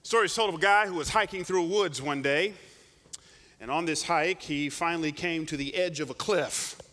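A man preaching a sermon, telling a story with animated delivery and frequent restarts. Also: a little high, moderate pace. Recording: long hall reverb.

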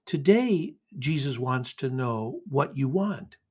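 A man with a husky, slightly breathy voice leads a daily devotional reflection. He talks in an earnest, inviting way, as if speaking to each listener directly. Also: medium pitch, big pitch swings, slow, a little mellow. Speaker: host of a daily reflection podcast. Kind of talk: devotional reflection and scripture reading.

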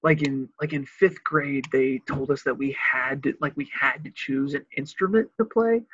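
Young husky-voiced man from Illinois, relaxed storytelling chat, dull dry recording. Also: normal speed. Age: young adult. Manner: animated, laughs often, breaks into high excited voices. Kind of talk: casual chat. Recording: dry, slightly dull lo-fi sound.

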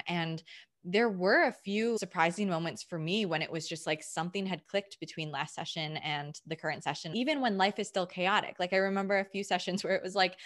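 A woman life coach interviewing her client, warm and affirming, reflective in tone. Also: on the low side.

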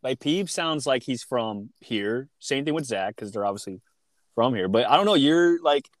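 A man's voice: mid-range voice, lively intonation, normal speed, no echo. A young man hosting a casual podcast, asking questions and teasing his guest with a laugh. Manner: joking, teasing interviewer, laughs a lot. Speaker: podcast host. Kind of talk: casual chat.

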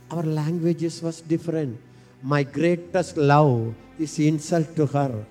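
A man preaching with fervor, his voice sitting a touch high for a man. He draws out his phrases slowly and calls on the listeners to repeat after him. Soft music hums faintly underneath. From India. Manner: impassioned, leads call-and-response with slow, stretched phrases. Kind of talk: sermon.

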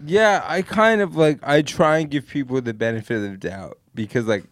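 This podcast co-host, a young man with a mid-range voice, spins a long, rambling tale for friends at a moderate pace. There's no room sound, and his laid-back delivery is packed with swearing and fillers.

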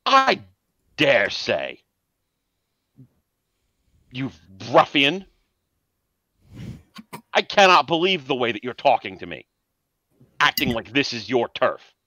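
Man putting on a pompous posh old gentleman. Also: medium pitch, sing-song, slow pace, pauses often, no room sound, studio quality, voice pushed up, exaggerated voice. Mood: indignant. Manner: haughty, affected, prim.

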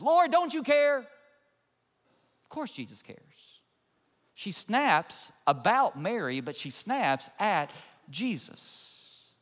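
A man's voice: on the high side, fairly bright tone, long reverb tail. A male pastor preaching a sermon in a conversational storytelling way, asking his listeners questions.

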